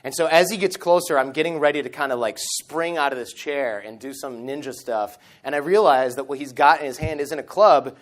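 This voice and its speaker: Male conference speaker, 30s, slightly high-pitched, lively storyteller who acts out his quotes. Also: fairly quick, hardly any pauses. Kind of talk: storytelling keynote talk. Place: conference stage. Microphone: stage microphone.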